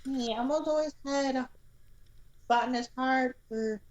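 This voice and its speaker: A man's voice: very high-pitched, a little slow, muffled recording, slight background noise, voice pushed up. A man doing an impression of Elmo, a cheerful small furry red monster child who talks about himself in third person. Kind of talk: impression on a live stream.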